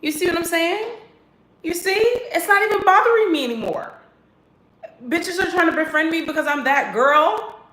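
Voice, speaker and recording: A woman's voice: sits high, normal speed. Sassy woman vlogging in an echoey room. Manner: sassy, animated, laughing and swearing. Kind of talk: casual self-talk vlog.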